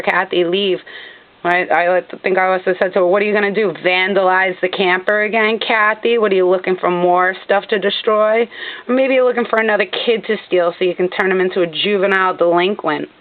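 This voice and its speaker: An agitated woman narrates her own video, indignant and repeating herself. Her mid-pitched voice comes through a thin, tinny, phone-like recording.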